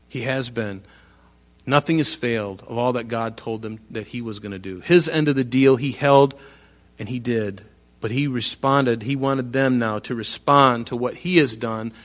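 Male pastor, mid pitch, earnest sermon delivery, stresses key words when reading scripture. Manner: earnest, emphatic, reads scripture aloud with rising force. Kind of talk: sermon, Bible teaching.

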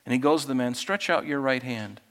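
A man preaching a sermon as pastor, moving between quiet, intimate asides and raised, emphatic passages. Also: mid-range voice, fairly quick.

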